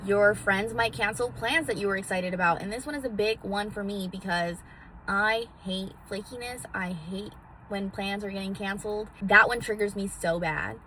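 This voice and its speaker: A woman's voice: medium pitch, normal speed, bright, forceful tone, slight background noise. A woman vlogging casually from a parked car into a phone, theatrical and swearing freely as she gives self-help advice. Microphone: phone on a magnetic mount.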